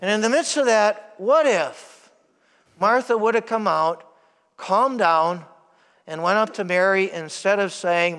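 A man's voice: high-pitched, a little slow, fairly bright tone. A male priest giving a sermon in a church, emphatic and asking the congregation rhetorical questions. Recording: long church reverb.

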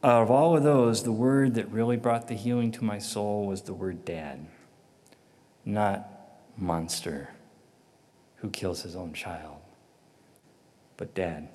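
A man giving an earnest personal faith testimony, quiet and reflective. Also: fairly low pitch, measured pace, long pauses. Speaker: testimony speaker. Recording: long hall reverb.

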